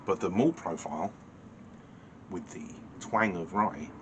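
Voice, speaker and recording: UK man, deep low voice, dry casual beer-review vlogger, ums and restarts, clear background noise. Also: measured pace. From United Kingdom. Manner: dry, understated, musing with many fillers and self-corrections.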